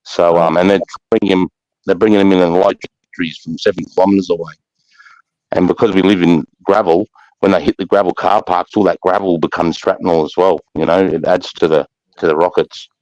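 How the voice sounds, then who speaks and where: A middle-aged Australian man with a deep, low voice tells stories from his time as a soldier in loose, casual talk. He swears freely and drifts into fillers as he hunts for words. The sound is dry and close, with no room echo. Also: fairly even intonation, a little fast, darkish tone, dull audio. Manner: rough-spoken, swears freely, trails off with fillers. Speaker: army veteran guest. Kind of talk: casual war storytelling on a live chat.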